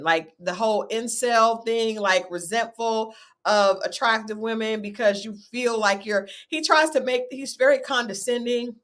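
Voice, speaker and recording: A woman hosting a relaxed recap chat. She talks in a chatty, animated way and keeps asking her guest questions. Her tone stays casual and conversational. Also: mid-range voice. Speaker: host.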